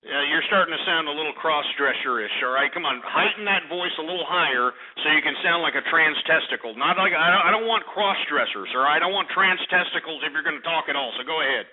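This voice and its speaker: A man's voice: on the high side, fast, hardly any pauses. A man hosting a call-in radio show, brash and profane, berating callers with insults. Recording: tinny phone-like radio audio.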